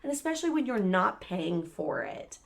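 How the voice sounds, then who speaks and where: A woman's voice: medium pitch, normal speed, vocal fry. A woman co-hosting a podcast, telling a long story in casual chat, swearing a lot and acting out the voices of the people in it. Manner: profane, animated, acts out quoted voices. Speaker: podcast co-host.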